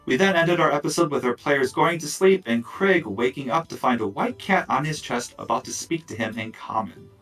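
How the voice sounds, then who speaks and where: A man narrating as dungeon master of a tabletop game, casual and relaxed, with lots of fillers and asides. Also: a little high, normal speed, few pauses, distant mic, soft background music, low-quality recording.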